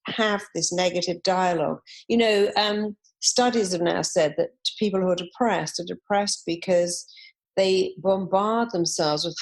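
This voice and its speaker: A woman, a therapist guest in an interview, telling stories and acting out the voices of people she quotes. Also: mid-range voice. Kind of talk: conversational interview.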